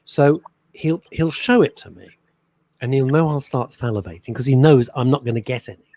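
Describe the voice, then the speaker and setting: A middle-aged man co-hosting a radio show, chatting and teasing his partner in a joking, animated way. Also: mid-range voice, moderate pace, dry recording. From England. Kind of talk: casual chat radio show.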